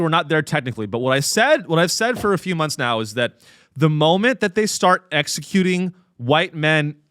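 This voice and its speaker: A man's voice: mid-range voice, fairly bright tone, no echo, clean studio sound. A man hosting a comedy podcast, ranting sarcastically and profanely, with frequent fillers and restarts. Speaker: podcast host.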